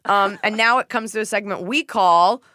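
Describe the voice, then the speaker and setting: Animated woman podcast host, dry sound. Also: mid-range voice, normal speed, dry recording. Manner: animated storytelling, acts out quotes, swears freely. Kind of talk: casual comedic chat.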